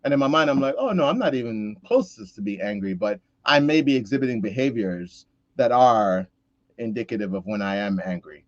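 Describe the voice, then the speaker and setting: A man co-hosting a podcast, talking in a reflective, earnest way with quick restarts and quoted asides. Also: lowish voice, lively intonation, no echo, lo-fi sound. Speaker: podcast co-host. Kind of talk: casual conversational chat.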